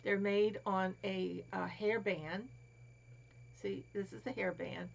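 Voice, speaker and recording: Gravelly woman cooing in a crafting vlog. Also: medium pitch, fairly even intonation, slow pace. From Florida. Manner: cooing over small toys, drops to whispers. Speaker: crafting vlogger. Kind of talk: casual show-and-tell vlog. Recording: dull lo-fi home recording, faint hiss.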